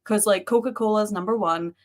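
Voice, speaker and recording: A young woman co-host chats loosely on a paranormal live stream. She is talkative and laughs often, and peppers her sentences with "like." Her pitch sits right in the middle. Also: brisk. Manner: chatty, heavy use of "like", frequent laughter. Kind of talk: casual live-stream chat.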